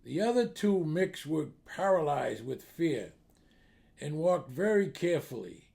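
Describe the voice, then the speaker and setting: A man's voice: fairly high pitch, very animated, unhurried, vocal fry, mellow. A man telling jokes in a storytelling manner, steadily building up to each punchline. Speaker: joke teller. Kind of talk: comedic joke telling.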